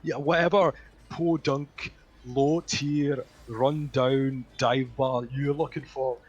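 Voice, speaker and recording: A man's voice: medium pitch, steady tone, takes it slowly, slightly rough, highs cut off, pitched above the performer's own voice. A man voicing a snobbish, rude elderly male doorman in a tabletop game. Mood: sneering. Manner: sneering, dismissive.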